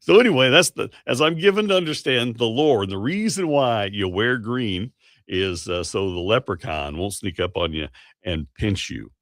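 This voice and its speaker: A man's voice: lowish voice, animated, normal speed, fairly bright tone, dry recording, studio quality. A man hosting a morning radio show, chatting in a rambling, self-correcting way. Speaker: radio host. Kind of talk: casual morning radio talk. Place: radio studio. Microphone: studio microphone.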